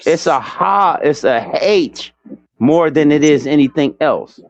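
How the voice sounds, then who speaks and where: A man hosting a casual panel chat, insistent and explaining things with drawn-out words. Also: a little high, lively intonation, no echo. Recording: dull lo-fi sound.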